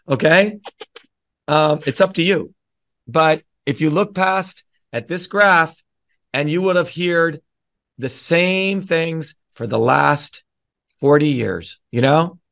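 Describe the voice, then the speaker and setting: A middle-aged man lectures a town hall crowd in a fairly high voice. He is blunt and preachy, and he keeps pressing his listeners with "okay?" and "right?". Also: unhurried, a bit bright. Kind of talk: lecture to a live audience.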